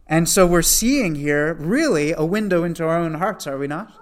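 A man's voice: on the high side, animated, moderate pace, hardly any pauses. A man teaching a Bible study in a conversational way, often asking rhetorical questions.

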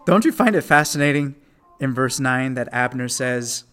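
A man's voice: medium pitch, expressive, moderate pace, a bit bright. A man teaching a Bible study in a conversational way, often asking rhetorical questions.

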